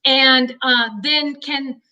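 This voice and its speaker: A woman's voice: sits high, little pitch movement, extremely slow, sharp tone, distant mic, muffled recording. A middle-aged woman chatting casually in a personal vlog, rambling through stories and talking to her dog. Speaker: vlogger.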